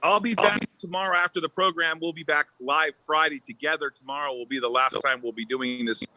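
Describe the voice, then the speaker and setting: A man's voice: fairly high pitch, fairly even intonation, a little fast, bright, forceful tone, no echo, poor audio. A man hosting a talk show over a remote link, pressing his co-host with questions. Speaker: show host, company chairman. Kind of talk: casual show banter. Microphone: remote call.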